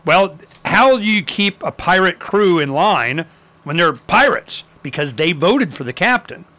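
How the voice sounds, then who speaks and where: Bright, lively man telling history. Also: high voice, unhurried. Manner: animated storyteller, acts out quotes, many fillers. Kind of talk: casual history talk.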